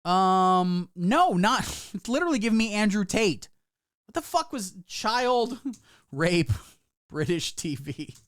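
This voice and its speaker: A man's voice: high-pitched, sing-song, slow, a bit bright, no echo, studio quality. Sarcastic, rambling male streamer. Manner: sarcastic, rambling, swears a lot. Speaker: livestreamer. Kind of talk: casual live-stream commentary.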